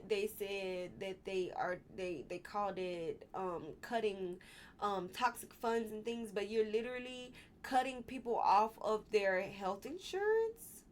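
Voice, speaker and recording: A woman's voice: medium pitch, a little hiss or hum. A woman hosting a casual commentary vlog, exasperated and rambling, with frequent restarts and apologetic asides. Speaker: vlog host.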